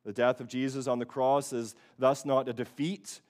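A man, a pastor, preaching an earnest sermon, repeating key phrases for emphasis and swinging from quiet, low passages to loud, high bursts. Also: flat delivery, moderate pace. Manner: earnest preaching that rises loud and high on quoted voices, then drops low.

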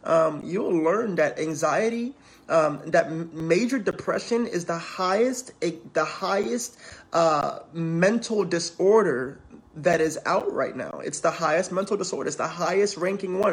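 A man's voice: a little high, normal speed. A man preaching, reading scripture aloud and talking to the congregation in a conversational way. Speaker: preacher and counselor in training.

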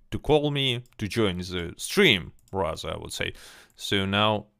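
A man's voice: lowish voice, fairly bright tone. A man hosting a casual livestream chat, reading viewer questions and interviewing a guest, often repeating words as he restarts. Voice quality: slightly hesitant, repeats words. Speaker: stream host.

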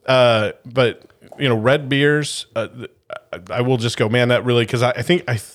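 Male podcast co-host, mid-range voice, playful casual chat, quick to laugh. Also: medium pitch, fairly even intonation.

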